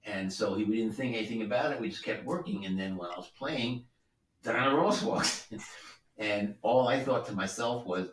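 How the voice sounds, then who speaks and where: Low-voiced older man telling studio stories. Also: moderate pace. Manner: easygoing, rambling, with many asides. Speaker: record producer and guest musician. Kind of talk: relaxed anecdotal storytelling. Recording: roomy sound, distant from the mic.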